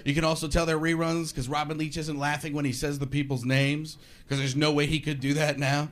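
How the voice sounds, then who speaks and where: Sarcastic high-voiced male comedian. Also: little pitch movement, fairly quick. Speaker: stand-up comedian. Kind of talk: stand-up comedy routine. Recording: live stand-up with noise.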